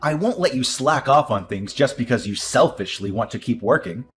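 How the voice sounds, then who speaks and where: An actor playing an entitled young husband who defers to his mother, dismissive and prone to excited outbursts. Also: mid-range voice, normal speed, faint music behind, natural voice. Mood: scornful. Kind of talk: audio drama acting.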